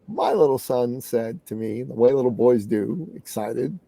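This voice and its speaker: A middle-aged man from Canada telling a story in an interview as a guest business coach, earnest and animated. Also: medium pitch, normal speed, gravelly, hardly any pauses, no room sound.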